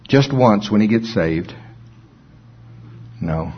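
Husky low-voiced man preaching. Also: dull audio. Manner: conversational, reads scripture slowly and deliberately. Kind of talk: informal sermon with scripture reading.

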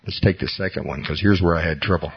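Preacher guy, middle-aged, low kinda husky voice, earnest and funny about himself, muffled lo-fi sermon tape. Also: quick pace. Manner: earnest, personal storytelling with self-deprecating humor. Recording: dull lo-fi recording.

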